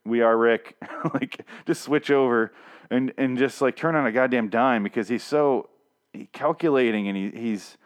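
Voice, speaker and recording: A man's voice: mid-range voice, a little slow. A man casually recapping a comic series, rambling and swearing, with lots of restarts and fillers. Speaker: comic reviewer.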